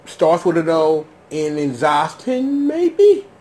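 A man rambles through casual reaction commentary in a loose, slangy way. He talks at an unhurried pace, but his voice swings wildly and often leaps into high, shouted disbelief. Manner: excitable, bursts into high-pitched shouted disbelief. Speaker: show host.

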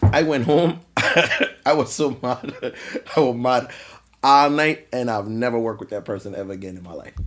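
A man's voice: medium pitch, normal speed. A man from the US Virgin Islands with a Caribbean accent, telling a story as a podcast guest in a laid-back, rambling, slangy way. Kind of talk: animated storytelling.

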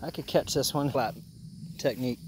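A man giving casual, joking commentary outdoors by a pond while fishing, excitable and quick to chuckle. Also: mid-range voice, slight background noise. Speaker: fishing vlogger.

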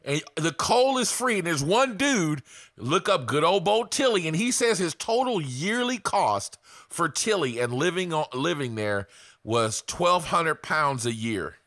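A man's voice: a little high, very animated, unhurried, fairly bright tone, no room sound, studio quality. A man giving casual, blunt sales coaching to camera, swearing freely.

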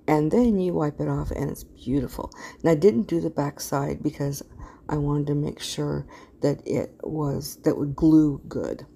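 Speaking at a moderate pace in a low-pitched, creaky, dark and slightly rough voice, this middle-aged craft channel host keeps her tone steady. She talks casually through a craft tutorial, rambling, yawning mid-sentence and frequently losing her words.

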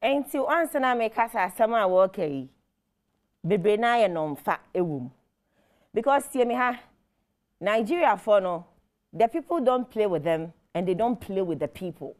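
A woman's voice: mid-range voice, lively intonation, moderate pace, darkish tone. A woman with a Ghanaian accent hosting entertainment news, delivering emphatic, scolding commentary that mixes Twi and English. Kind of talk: animated commentary.

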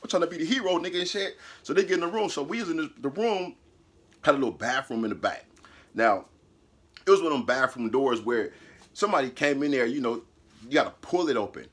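A man with a husky, somewhat high voice tells a personal story in a casual, animated way. He cusses freely, laughs in the middle of sentences and acts out what others said along the way. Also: quick pace. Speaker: host telling a personal story.

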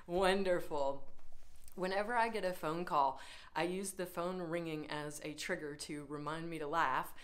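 A middle-aged woman leading a laughter yoga session, giving encouraging, unhurried instructions. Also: lowish voice, heavy background noise. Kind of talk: guided laughter exercise.

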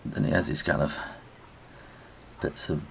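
A man's voice: unhurried, a bit bright, a little hiss or hum. A middle-aged British man giving a chatty spoken drawing tutorial, talking as he draws and often trailing off and restarting. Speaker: illustrator teaching drawing.

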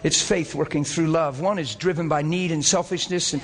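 An impassioned male preacher with a high voice pours out a sermon, firing rhetorical questions and climbing to emphatic peaks. His voice rings out with long reverb in a church hall. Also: fairly even intonation, moderate pace, few pauses. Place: church service before a congregation.

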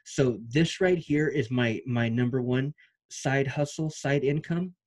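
A young man vlogging about his online side income in an excited, repetitive, slangy pep-talk style. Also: medium pitch, measured pace. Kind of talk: energetic motivational vlog talk.

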